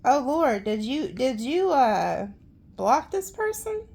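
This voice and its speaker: A woman's voice: high voice, big pitch swings, slow pace, darkish tone, slightly rough. A woman giving a casual tarot reading in a chatty, dramatic way, with blunt slang and frequent laughter. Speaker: tarot reader.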